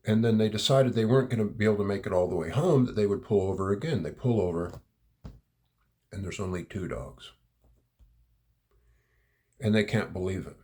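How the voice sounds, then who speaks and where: With a dark tone, a lowish voice, and a moderate pace broken by long pauses, a middle-aged man tells a personal anecdote. He rambles as a storyteller would, repeating words and chuckling throughout.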